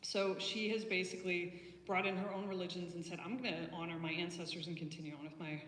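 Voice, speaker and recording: A woman's voice: lowish voice, fairly even intonation, quick pace, a bit bright, distant mic, slight background noise. Woman preaching casually in an echoey hall. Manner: chatty storytelling with frequent ums and restarts. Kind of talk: conversational sermon. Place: church.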